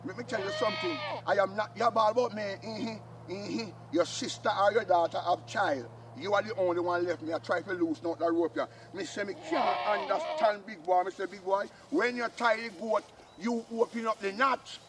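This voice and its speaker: A man's voice: high voice, moderate pace, natural voice. A man doing a blustering old Jamaican uncle. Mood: grumbling. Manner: blustery, boasting, scolding. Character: boastful old Jamaican uncle, proud ex-soldier. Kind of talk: comic sketch acting.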